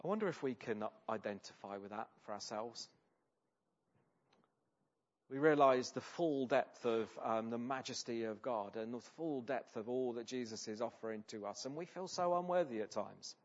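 A man preaching a sermon in an earnest, conversational way, often turning statements into gentle questions to his listeners. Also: medium pitch, moderate pace, highs cut off. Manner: earnest, conversational, asks rhetorical tag questions.

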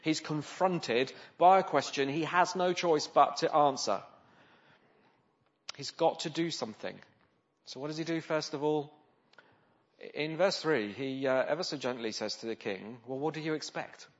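A man's voice: fairly high pitch, a little slow. A man preaching a sermon in a conversational way, often asking the listeners rhetorical questions. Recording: slightly dull, lo-fi sound.

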